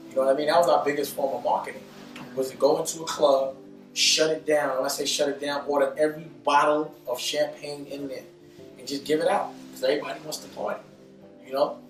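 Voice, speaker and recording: A man's voice: on the high side, flat delivery, quick pace. A man reminiscing in a laid-back, casual interview, often tagging on "you know what I'm saying". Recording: echoey, distant mic with music.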